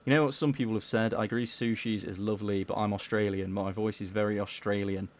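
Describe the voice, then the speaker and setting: A man casually chatting on a live gaming stream, reading chat aloud in a mellowed-out, low-key way and tripping over words as he plays. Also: fairly even intonation, quick pace. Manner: stumbles over words while playing.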